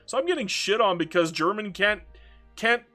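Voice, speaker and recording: A man's voice: high-pitched, expressive, moderate pace, sharp tone, faint music behind. A Canadian man with a Canadian accent giving casual, ranting commentary while playing a strategy game, swearing freely and repeating himself. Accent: Canadian English.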